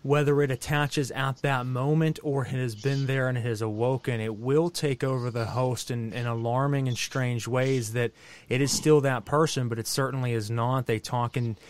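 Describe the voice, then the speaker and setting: A man hosting a podcast interview, explaining his points in a measured way. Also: mid-range voice, steady tone. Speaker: podcast host. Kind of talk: interview talk.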